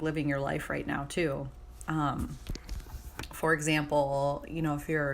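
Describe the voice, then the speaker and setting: A woman's voice: low-pitched, slight background noise. A young woman hosting her own podcast, talking candidly and casually, swearing freely and laughing at herself, with a slight cough. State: has a cough. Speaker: podcast host. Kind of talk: casual solo podcast talk.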